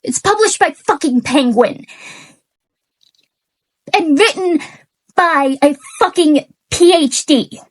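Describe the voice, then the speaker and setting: Angry and on the verge of crying, a woman who reviews books delivers a halting, stammering rant in an unscripted vlog. Her voice is high and expressive, and the sound quality suffers from an unplugged mic.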